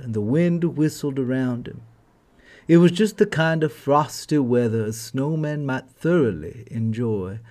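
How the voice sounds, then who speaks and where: Give me a gentle male storyteller, slow and expressive. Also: medium pitch. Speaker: storyteller host. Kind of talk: storybook narration.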